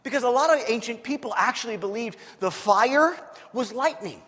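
A man preaching a sermon, telling a Bible story in an animated, joking way and acting out the quotes. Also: extremely high pitch, moderate pace. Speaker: pastor. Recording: long hall reverb.

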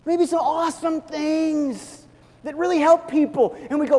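A man preaching a sermon as pastor, animated and swinging from hushed to loud. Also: extremely high pitch, a little slow, slight background noise. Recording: long reverb of a large hall.

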